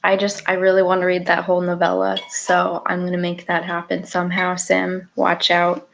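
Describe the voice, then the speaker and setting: A woman's voice: on the low side, completely flat delivery, normal speed, vocal fry, a bit bright, slight background noise. A woman hosting a livestream, thanking a reader and introducing the next guest in an upbeat, chatty way. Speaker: livestream host.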